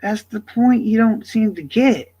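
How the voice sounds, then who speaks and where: A man livestreaming, talking to his chat in a casual, profane, defensive rant that swings between loud and quiet. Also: high voice, measured pace, muffled recording.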